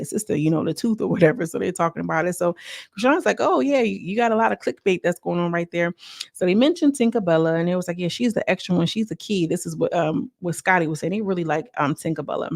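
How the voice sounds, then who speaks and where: A woman's voice: fairly low pitch, no echo, clean studio sound. A woman recapping a reality show in casual chat, acting out quotes with slang. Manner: chatty, acts out quotes with slang.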